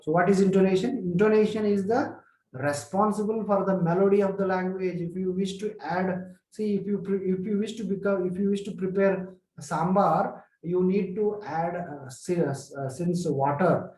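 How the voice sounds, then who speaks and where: A man's voice: sits high, steady tone, darkish tone. Man teaching, echoey room. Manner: explanatory, repeats examples slowly, many fillers. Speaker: English lecturer. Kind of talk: spoken English lesson.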